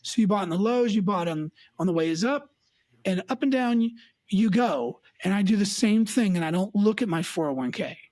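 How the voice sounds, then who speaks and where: A woman's voice: mid-range voice, a little fast, no echo. A woman who works as a financial advisor, talking emphatically on an advice chat show and acting out her clients' voices. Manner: emphatic, lively, mimics clients.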